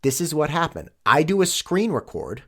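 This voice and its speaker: A man's voice: on the high side, moderate pace, husky. A man in his late twenties, a podcast guest, chatting casually and telling stories with lots of acted-out quotes. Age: late 20s. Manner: animated storyteller, acts out quotes. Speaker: podcast guest, real estate agent.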